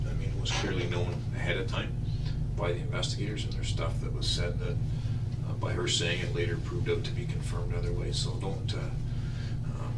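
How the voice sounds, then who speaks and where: Low monotone guy interrogating someone, echoey room, loud hiss, mic far away. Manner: measured, hesitant, many fillers. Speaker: police interrogator.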